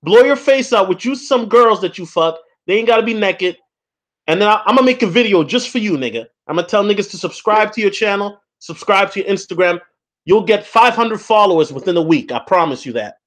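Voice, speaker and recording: A man hosts a casual call-in show, ribbing the caller with a needling, mocking tone. His voice sits high for a man, and its pitch jumps around a lot. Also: lively intonation, a little fast, fairly bright tone.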